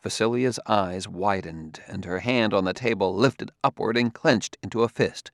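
A male audiobook narrator with a low voice reading in a measured, even way. The recording is dry and close. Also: dry recording. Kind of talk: scripted narration.

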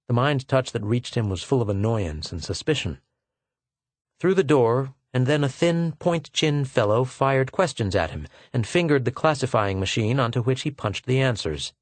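Measured male audiobook narrator. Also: mid-range voice, expressive, no echo. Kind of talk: scripted narration.

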